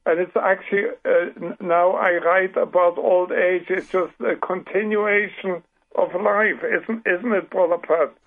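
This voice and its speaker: A man's voice: sits high, steady tone, a little slow. A man in his seventies with a German accent, a guest author speaking earnestly with many restarts in a radio interview. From Britain, raised in Paraguay. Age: 70s. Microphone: telephone. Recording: tinny phone line.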